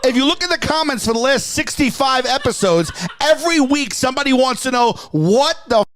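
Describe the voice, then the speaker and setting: A man with a high, animated voice fires back exasperated insults on a podcast. He keeps breaking into laughter. Steady noise sits under the recording. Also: brisk. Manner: exasperated, laughing ribbing with loud outbursts. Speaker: podcast co-host. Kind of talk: casual comedic banter.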